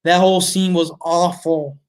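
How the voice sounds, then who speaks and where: A man with a slightly higher voice than most reviews a movie in a loose, off-the-cuff way. He is blunt and exasperated and swears freely as he picks the film apart. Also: level tone, measured pace, clean tone. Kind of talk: casual ranting film review.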